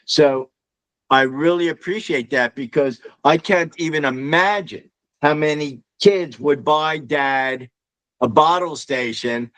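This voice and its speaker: A man who is an inventor, telling a relaxed, folksy personal story on a video call. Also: medium pitch, no echo, low-quality recording.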